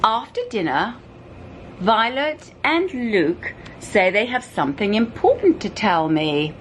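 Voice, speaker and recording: A woman reading a children's book aloud, slow and animated, dropping to dramatic whispers. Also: mid-range voice, a little hiss or hum.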